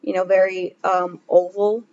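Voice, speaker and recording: A woman's voice: mid-range voice, measured pace, muffled recording. Laughing young woman telling a story. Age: 20s. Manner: animated, laughing often, acting out quotes. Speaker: podcast co-host. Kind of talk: casual storytelling chat.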